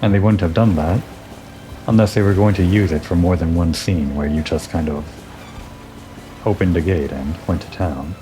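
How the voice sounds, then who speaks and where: A man giving relaxed, musing commentary over a game playthrough, thinking aloud and talking to the character he plays. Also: low voice, normal speed, music in the background. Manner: musing, talks to himself and the character. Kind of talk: relaxed let's-play commentary.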